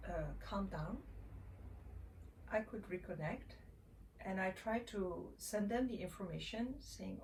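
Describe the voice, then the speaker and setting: A woman, a mother sharing her own experiences in a gentle, reflective way, often pausing and restarting. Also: medium pitch, gravelly. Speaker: mother sharing parenting tips. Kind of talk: casual personal storytelling. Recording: voice a little far from the mic, faint ambient noise.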